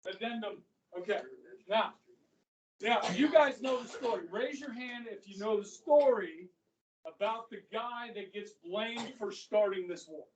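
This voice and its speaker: A man's voice: sits high, a little slow, a little hiss or hum. A middle-aged man teaching history to a class, chatty, who keeps checking in with "okay?". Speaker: high school history teacher. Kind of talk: classroom lecture. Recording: echoey classroom from far off.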